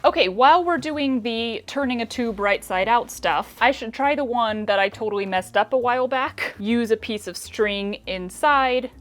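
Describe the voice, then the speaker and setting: A woman's voice: a little high, moderate pace, few pauses, fairly bright tone. A young woman with a regional American accent hosting a casual sewing vlog, chatty and self-deprecating as she thinks aloud while she works. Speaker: sewing video host.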